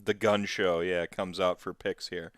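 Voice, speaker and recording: A man's voice: low voice, flat delivery, a little slow, fairly bright tone, clear, resonant tone, no room sound. A man narrating as storyteller of a tabletop game, rambling with many fillers and restarts.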